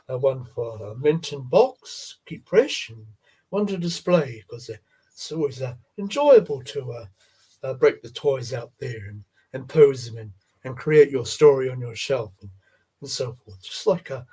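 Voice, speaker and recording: A husky man hosts a relaxed live stream. His pitch wanders up and down as he rambles gently, stopping often on fillers and repeated words. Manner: halting, many fillers and repeats, gentle folksy tone. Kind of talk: casual chat about toy card art.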